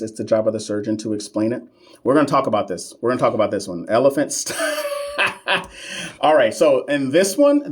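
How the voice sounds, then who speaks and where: A man tutoring nursing exam questions on a live stream, playful and sassy, talking back to viewers' comments with slang and repeated emphasis. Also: mid-range voice. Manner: slang-heavy, emphatic repetition.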